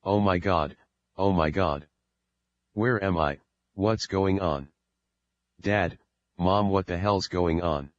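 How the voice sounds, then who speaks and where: A man voicing a panicked, confused adult daughter in an audiobook, reading in a plain, low voice on a dull, dry recording. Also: slow, pauses often, dry recording. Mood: alarmed.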